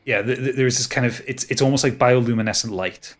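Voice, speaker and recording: A man's voice: mid-range voice, steady tone, quick pace, faint music behind. A man narrating a tabletop game as game master, descriptive and full of restarts.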